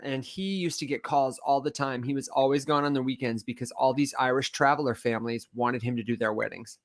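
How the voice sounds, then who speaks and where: A man's voice: mid-range voice, a bit bright. A man with a Michigan accent chats as a podcast host. His voice is nasal and a little reedy. He tells stories with animation and laughs easily. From Las Vegas to Michigan, United States. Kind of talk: casual livestream podcast chat.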